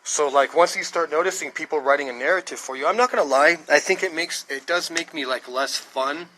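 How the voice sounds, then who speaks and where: A man's voice: a little high, fairly quick, bright, forceful tone, slight background noise, poor audio. A man in his thirties from the United States talks to his stream in a casual, rambling monologue, swearing often and stressing his points. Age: 30s. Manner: profane, emphatic, thinking aloud. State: dry throat.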